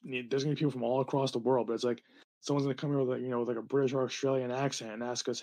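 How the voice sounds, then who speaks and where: A young man from New Jersey co-hosting a podcast, talking in a rambling, animated way with lots of fillers and laughter. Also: mid-range voice, very fast. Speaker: podcast co-host. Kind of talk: casual podcast chat.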